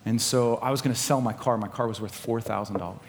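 A pastor preaches a sermon with a personal story, speaking fast in a medium-pitched voice, laughing and animated as he swings from loud preaching to quiet storytelling. It's recorded live in a hall with long reverb, faint ambience, and slight background noise.

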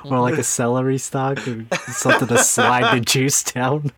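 Husky-voiced wry male co-host. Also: mid-range voice, level tone, normal speed, a bit bright, no echo. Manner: wry, laughing asides. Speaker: podcast co-host. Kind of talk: casual podcast chat.

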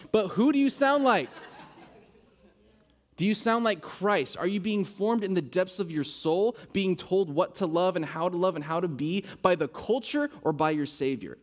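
A male pastor preaching a sermon, earnest and driving home his points with repeated rhetorical questions. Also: on the high side.

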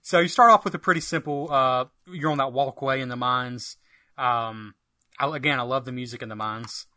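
A man's voice: medium pitch, normal speed, bright, forceful tone, no echo. A man co-hosting a podcast, chatting enthusiastically about retro games with a rambling, filler-filled delivery. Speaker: podcast co-host. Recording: dry close mic.

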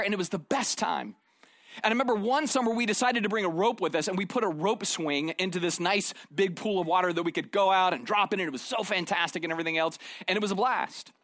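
Middle-aged male pastor, high voice, dry close mic; chatty storytelling sermon, checks in with "right?". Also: a bit bright, no echo. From Arizona. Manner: conversational storytelling, frequent "right?" tag questions.

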